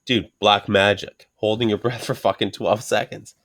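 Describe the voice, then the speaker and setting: Middle-aged male host, loose profane podcast chatter, animated delivery. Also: lowish voice, normal speed. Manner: animated, heavy swearing, rambling storytelling. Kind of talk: casual profane podcast banter.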